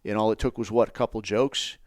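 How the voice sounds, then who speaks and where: A man's voice: lowish voice, fairly even intonation, fairly quick, darkish tone, no echo, studio quality. Blunt, foul-mouthed man ranting. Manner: blunt, sarcastic, heavy swearing. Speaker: podcast host. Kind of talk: profane ranting commentary.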